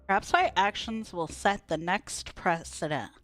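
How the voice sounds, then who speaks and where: A woman's voice: on the low side, unhurried, a bit bright, no room sound, soft background music. A young woman streaming a story game, reading its text aloud and reacting bluntly and sarcastically, with frequent swearing. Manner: blunt, sarcastic, swears freely at the game's choices.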